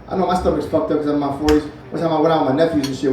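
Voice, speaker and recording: Speaking very fast in a fairly high, warm voice, a man in his forties performs a loose, profane set at a comedy club and chats with the crowd between bits. The echoey, distant recording has a little hiss or hum under the audience's laughter.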